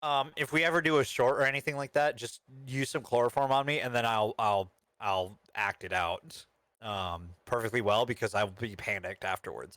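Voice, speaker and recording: A man with a bright, forceful voice chats casually about films as a podcast co-host. He swears freely and slips in dry jokes. The sound is dry and close, with no room in it. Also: mid-range voice, normal speed, no room sound. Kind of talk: casual movie review chat.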